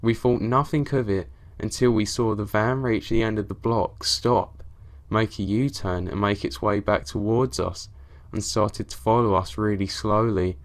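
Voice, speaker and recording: A man narrates horror stories in a fairly low voice. His reading is dramatic and lifts at the tense moments. It is a plain spoken read-through of scary tales. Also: steady tone, unhurried.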